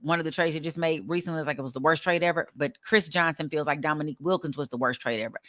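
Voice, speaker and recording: Fast-talking woman with a deep, bright voice. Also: no room sound, clean studio sound. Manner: chatty, reads viewer comments aloud. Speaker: co-host. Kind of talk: casual sports talk.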